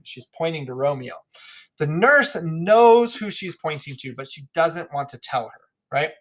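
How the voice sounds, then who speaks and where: A man's voice: on the high side, lively intonation. Guy teacher walking a class thru a play, explains stuff, reads bits aloud in little voices. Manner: explains, then reads lines in quick voices. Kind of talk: classroom read-through lesson.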